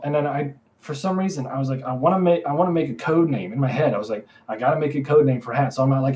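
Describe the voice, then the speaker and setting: A man's voice: medium pitch, fast, few pauses, darkish tone. A young man co-hosting a podcast, telling a story in a rambling, casual way full of "like" and self-corrections. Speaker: podcast co-host.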